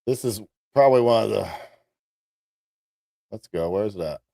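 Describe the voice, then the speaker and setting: A man hosting a live-stream commentary show, talking straight to his viewers in an animated way. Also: on the low side, measured pace, gravelly, no room sound, studio quality. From United States. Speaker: host.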